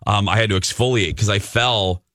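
Radio host, male, very low voice, dry close studio mic, rambling self-deprecating storyteller. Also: brisk, pushed and bright, no echo. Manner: chatty storyteller, self-mocking. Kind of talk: casual morning radio chat.

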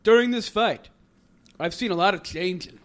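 Worn-out male boxer, loud, thick drawl, halting, done by a man. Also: sits high, voice pushed up, close to an everyday voice. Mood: earnest. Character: mumbling weary male boxer after a fight.

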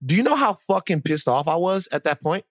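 A man co-hosting a podcast in casual chat, a teasing, animated storyteller who acts out what others said. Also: sits high, fairly quick, no room sound, clean studio sound. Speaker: podcast co-host.

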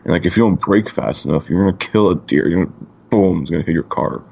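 A man's voice: sits low, quick pace, creaky, darkish tone, breathy edge, highs cut off. A laid-back man from Canada co-hosting a casual podcast, swearing freely and filling his talk with "like.". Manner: laid-back, swears a lot, lots of "like" fillers. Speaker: podcast co-host.

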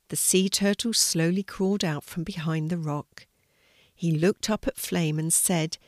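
An older woman reading a children's story aloud in a gentle storytelling manner. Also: on the low side, fairly even intonation, a little slow, no echo, studio quality.

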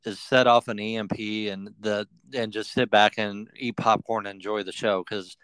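A man with a smooth, resonant voice at an ordinary pitch hosts a casual political talk show. He speaks bluntly, backing up his guest with quick agreement. The recording is dry and close. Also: steady tone, fairly bright tone, no echo. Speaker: podcast host.

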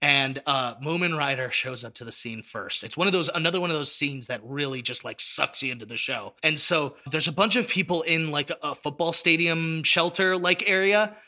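A man's voice: fairly high pitch, normal speed, hardly any pauses. A man in casual conversation, eagerly retelling a story and acting out its scenes. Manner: animated storytelling, acts out scenes. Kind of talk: casual chat.

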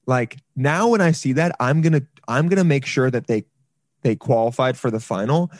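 A man's voice: medium pitch, expressive, normal speed, dry recording, studio quality. A man hosting a podcast, chatting casually over a video call, joking and trailing off into restarts. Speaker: podcast host. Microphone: headphones on a video call.

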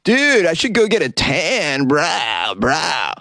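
A man's voice: fairly high pitch, wildly swooping pitch, slow, gravelly, bright, forceful tone, no echo, studio quality, voice pushed up, exaggerated voice. A man voicing a laid-back surfer dude with a slangy, drawling delivery. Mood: stoned.

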